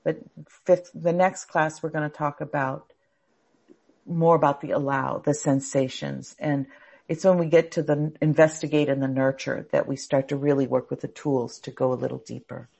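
A middle-aged woman leads a class on anxiety in a low, gravelly voice. She has a husky edge and talks earnestly, often circling back and repeating words while she thinks. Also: little pitch movement, normal speed, a little mellow. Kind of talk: live class talk.

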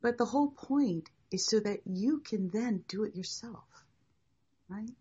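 An older woman teaching a class, speaking in a gentle, encouraging and unhurried way. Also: medium pitch, animated, breathy edge, dull audio. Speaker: meditation teacher. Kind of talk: guiding a class.

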